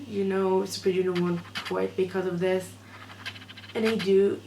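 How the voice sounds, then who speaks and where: Woman, non-native English, emotional vlog, hesitant and halting, slow-paced, roomy echo. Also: mid-range voice, flat delivery, creaky. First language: not English. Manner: hesitant, halting, many fillers and restarts. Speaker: fan vlogger. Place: room at home at night. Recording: echoey room, noisy background.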